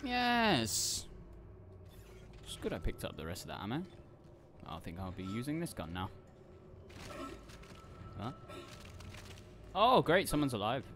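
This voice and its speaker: A man commentating a horror game, excitable, swearing and shrieking when scared. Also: medium pitch, a little slow, long pauses, noisy background. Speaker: gaming YouTuber. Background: game music.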